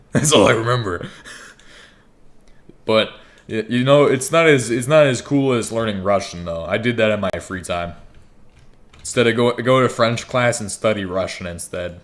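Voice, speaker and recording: A man's voice: fairly low pitch, normal speed. A young man giving rambling, joking gameplay commentary, swearing freely. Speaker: gaming YouTuber.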